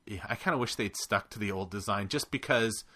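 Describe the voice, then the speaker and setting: A man co-hosting a podcast, talking casually with quick, animated bursts of enthusiasm. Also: lowish voice. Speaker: podcast co-host. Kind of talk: casual chat.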